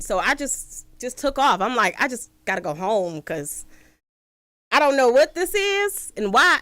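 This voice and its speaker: A woman hosting a call-in talk show, telling a personal story in a casual, animated way and acting out the quoted voices. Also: fairly high pitch, no room sound. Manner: animated retelling with acted-out quotes. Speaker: host.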